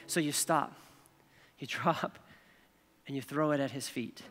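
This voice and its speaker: A man's voice: medium pitch, a little slow, fairly bright tone, in a large hall, soft background music. A male pastor preaching a sermon in a conversational way, checking in with "okay?" and "right?" as he goes.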